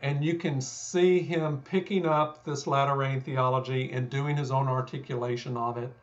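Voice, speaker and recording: A man's voice: medium pitch, steady tone, moderate pace, muffled recording. Texan man explaining at length. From Texas. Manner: thoughtful, self-deprecating, frequent fillers and restarts. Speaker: guest scholar. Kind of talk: conversational explanation.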